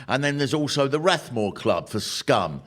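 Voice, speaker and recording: Man, stand-up comedian, lively swooping delivery, wry, noisy live recording. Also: medium pitch, moderate pace. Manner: wry, animated, punchline-driven. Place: live venue with audience.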